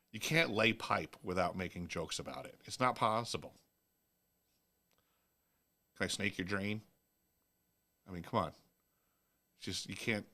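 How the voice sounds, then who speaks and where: A man's voice: lowish voice, fairly bright tone. A man from Long Island, hosting a casual livestream chat and cracking crude plumbing jokes with frequent laughs. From Long Island, New York. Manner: crude joking, laughs often. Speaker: host.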